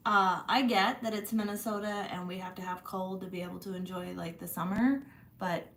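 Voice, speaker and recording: A woman's voice: mid-range voice, steady tone, normal speed, a bit bright. A woman chatting casually to her viewers from her room, blunt and swearing freely, sore after a massage. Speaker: channel host.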